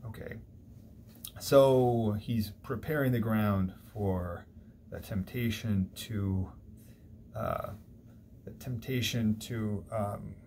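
A literature lecturer with a fairly low, mellow voice takes his time explaining a classic poem in a recorded university lecture. His manner is conversational and tangent-prone, with small restarts as he thinks aloud, and the single-mic recording has slight background noise.

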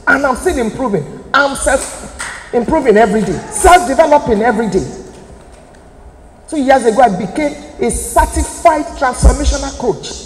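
Nigerian woman, 50s, high animated voice, motivational speaker in a reverberant hall. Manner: emphatic, preacherly, direct appeals to listeners. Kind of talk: motivational talk to an audience. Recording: echoey hall, faint room noise.

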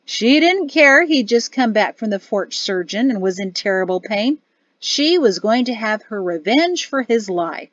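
A hearty old general with a booming, teasing bark, as a woman puts him on. He sits higher than a gruff soldier and pushes his lines out loudly and proudly. The sound is dull and dry, close to the mic. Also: expressive, a little slow, no room sound. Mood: jovial. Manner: booming, barking laughter. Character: hearty boastful older male general, teasing.

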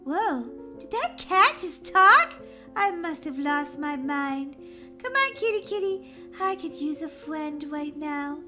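A woman voicing a grieving, easily shocked girl, shrill and excitable. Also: takes it slowly, heavily acted. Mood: dramatic. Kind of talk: voiced game role-play. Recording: music playing behind.

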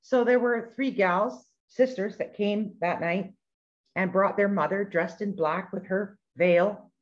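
A middle-aged woman telling a testimony story in an animated way, acting out the voices of the people she quotes. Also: mid-range voice, unhurried. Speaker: ministry speaker sharing testimony. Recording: dull lo-fi recording.

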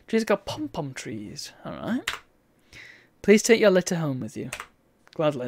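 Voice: mid-range voice, very animated, measured pace, creaky, long pauses, husky. A game streamer giving chatty, wry let's-play commentary and reading on-screen text aloud.

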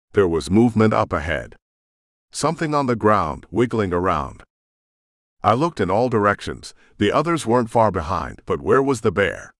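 A man's voice: deep voice, fairly bright tone, no echo, clean studio sound. A man reading a first-person audiobook in a tense, dramatic storytelling manner. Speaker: audiobook narrator.

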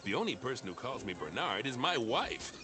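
A man's voice: medium pitch, sing-song, moderate pace, close to an everyday voice. An actor playing a jovial middle-aged male zoo owner who guides the player, chatty and chuckling. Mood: genial. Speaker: tutorial guide character. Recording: game music behind voice.

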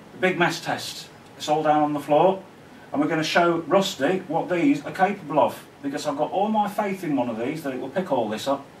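A man's voice: mid-range voice, a little hiss or hum. Chatty man, roomy and distant. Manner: rambling, joking, chatty. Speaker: vacuum cleaner video host. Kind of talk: casual vlog talk. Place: indoors at home. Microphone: camera mic on a tripod. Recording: roomy, mic set away.

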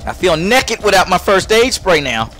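Excitable, high-voiced gamer trash-talking. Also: male voice, moderate pace. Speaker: let's play gamer. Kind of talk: game commentary. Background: game music.

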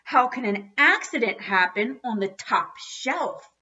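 A storybook father who bellows and wails, as a woman reader puts him on, spitting out grand antique curses in drawn-out bursts. His voice climbs high and loud when he is upset. The recording is dull and lo-fi. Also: steady tone. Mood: howling. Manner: bellowing, wailing, drawn-out outbursts. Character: excitable dad, loud, theatrical old-style cursing.

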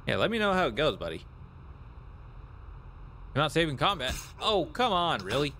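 A man's voice: on the high side, very animated, moderate pace, bright, forceful tone, a little hiss or hum. A man streaming a game live, chatting casually and greeting viewers as he plays.

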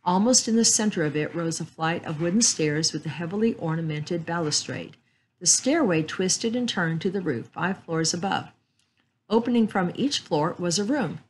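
A woman storyteller reading a book aloud in a slow, measured way. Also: fairly low pitch, animated, a little hiss or hum, low-quality recording.

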